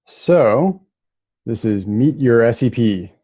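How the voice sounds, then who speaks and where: A man from Minnesota giving a relaxed, casual lecture remotely, with plenty of fillers and restarts. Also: mid-range voice, slow, husky, no echo.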